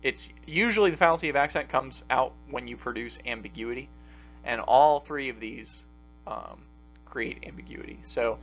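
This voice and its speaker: A man's voice: medium pitch, fairly bright tone. A man teaching a logic class in a casual, filler-heavy lecture style. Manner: casual, many fillers and pauses. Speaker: logic instructor. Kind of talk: recorded lecture. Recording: dull lo-fi recording with faint mains hum.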